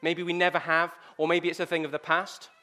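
High-voiced preacher. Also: male voice, fairly quick. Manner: conversational storytelling, lively and direct. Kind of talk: sermon.

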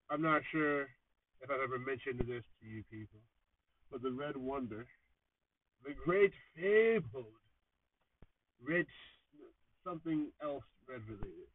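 A man's voice: lively intonation, slow pace, pauses often, husky. Sarcastic man, thin phone-like podcast audio. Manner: sarcastic, self-mocking, theatrical swings in pitch and volume. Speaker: podcast host. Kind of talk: joking solo podcast monologue. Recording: tinny phone-like sound, distant from mic.

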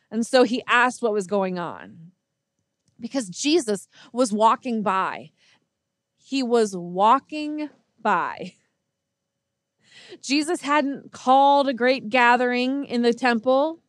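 A woman preacher delivers a sermon slowly and earnestly, often restarting her phrases. Her voice sits fairly high. The recording is dry and close. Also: no room sound. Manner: earnest storytelling with many restarts.

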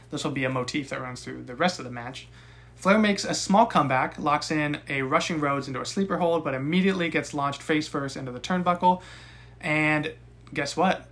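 A young man co-hosting a casual podcast, recapping a wrestling match with profane, animated rants. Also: on the high side. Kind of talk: casual chat.

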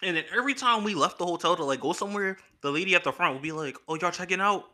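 A young man hosting a podcast, telling a story in a casual, slangy, animated way, laughing between lines. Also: sits high, racing. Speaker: podcast host.

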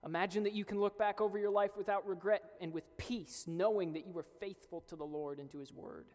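A man's voice: high-pitched, fairly even intonation, brisk, darkish tone. A young man preaching a sermon as a pastor, earnest and building to emphatic peaks. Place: church hall. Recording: reverberant hall with faint music.

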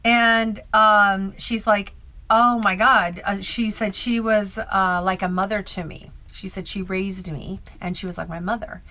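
A woman with a bright, forceful voice tells a story about one of her psychic readings. She rambles and restarts her sentences often, filling the gaps with likes and ums. Her pitch sits in an ordinary middle range. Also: little pitch movement, a little slow, hardly any pauses. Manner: rambling, filler-heavy, with many restarts. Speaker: psychic medium. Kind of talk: casual storytelling.

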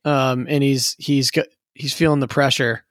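A man's voice: mid-range voice, little pitch movement, moderate pace, fairly bright tone, no room sound, studio quality. A man co-hosting a podcast in casual chat, teasing his co-host and laughing a lot.

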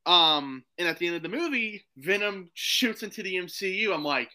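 A man chatting as a podcast guest, rambling excitedly with lots of fillers. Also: high voice, normal speed, poor audio. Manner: excited, rambling, full of "like" and "you know". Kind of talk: casual chat.

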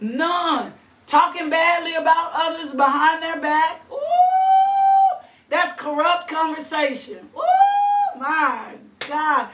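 A high-voiced woman preaching with fervor, her words slow and drawn out, bursting into shrill whoops between lines of scripture. She sounds set back from the microphone in an echoing room. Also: distant mic, heavy background noise. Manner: fervent, repeats phrases, sudden high whoops and shouts; reads scripture verses aloud. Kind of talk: impassioned sermon. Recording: echoey room, voice off-mic.

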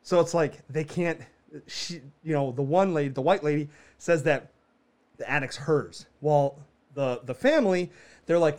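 His pitch runs fairly high and his pacing stays measured as this man co-hosts a podcast. Spinning a tale in relaxed banter, he swears often, laughs frequently and tells it with lively energy.

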